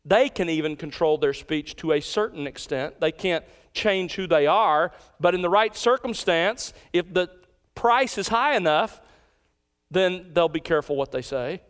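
A man preaching a sermon as pastor, emphatic and repeating key lines slowly for emphasis. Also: a little high, animated, a bit bright, clean tone.

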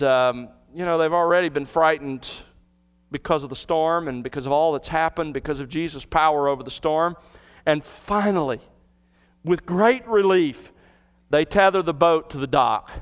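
High-voiced man preaching a sermon. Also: moderate pace, fairly bright tone, clean tone. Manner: earnest teaching with rhetorical questions and vivid retelling. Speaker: pastor. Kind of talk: expository sermon.

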